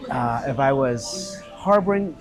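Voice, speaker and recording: A man telling a story in casual chat, animated and swearing freely, acting out what others said. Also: medium pitch, measured pace, faint music behind. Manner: animated, swearing, acts out quotes. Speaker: guest, restaurant owner.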